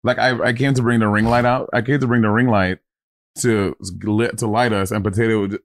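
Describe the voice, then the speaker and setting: A man's voice: on the low side, steady tone, brisk, dry recording. A man from Saint Lucia co-hosting a podcast, rambling through stories in a casual chat and laughing often. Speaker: podcast co-host.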